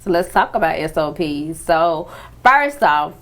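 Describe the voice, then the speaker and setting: A woman hosting a business podcast, asking questions in a relaxed, affirming way with slangy asides. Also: low-pitched, unhurried, slight background noise. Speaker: podcast host. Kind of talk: casual interview chat.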